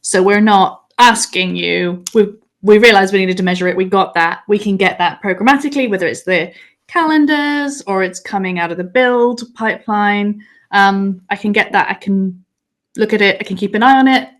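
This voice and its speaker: A woman moderating a webinar panel with an even, mid-pitched voice. She speaks in an affirming, conversational way and sometimes repeats words as she sets up her questions. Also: normal speed.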